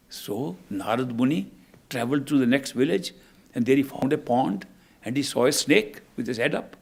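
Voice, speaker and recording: A male spiritual teacher telling a parable in an unhurried, conversational way. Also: medium pitch, lively intonation, vocal fry, husky. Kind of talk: storytelling in a spiritual talk.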